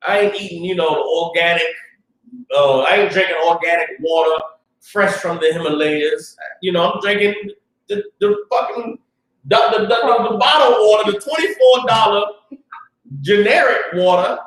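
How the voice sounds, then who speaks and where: A man teaching a religious class with a Southern US accent, talking in a fiery, casual street style that rises into shouts. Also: sits high, moderate pace, a little hiss or hum. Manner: fiery, shouting at peaks, profane asides. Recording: roomy echo, distant mic.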